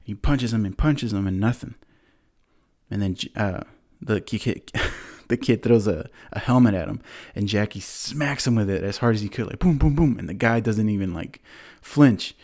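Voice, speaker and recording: Man, podcast host, lowish voice, casual rambling recap, lots of fillers. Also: moderate pace, darkish tone. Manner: rambling, many fillers, acts out quotes.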